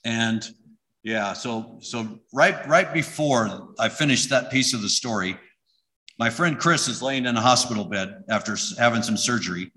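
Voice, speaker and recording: A man's voice: mid-range voice, moderate pace, sharp tone. A middle-aged man giving an emotional personal testimony in conversational storytelling. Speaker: church member giving testimony.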